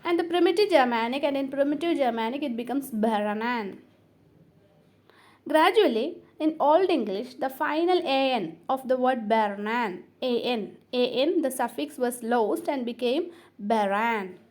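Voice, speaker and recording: A woman's voice: sits high, animated, moderate pace, darkish tone. A woman teaching a recorded lecture, speaking hesitantly with many fillers and repeating each point to explain it.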